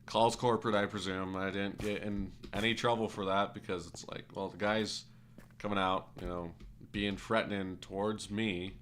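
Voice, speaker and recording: A man's voice: fairly low pitch, level tone, moderate pace, fairly bright tone, slight background noise. A man streaming a game while telling a rambling, self-correcting story in casual, occasionally profane speech.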